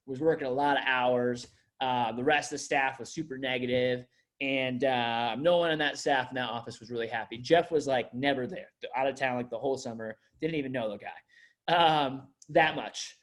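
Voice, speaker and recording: Speaking at a normal pace with fairly even intonation, this mid-range male voice belongs to a district manager onboarding his staff. His talk is loose and rambling, heavy on fillers and frequent restarts.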